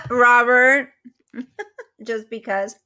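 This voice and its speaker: A woman's voice: fairly high pitch, very slow. A woman hosting a casual livestream, chatting with viewers, thanking them and eating as she talks. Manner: chatty, thanks viewers warmly, eats while talking. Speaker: livestream host.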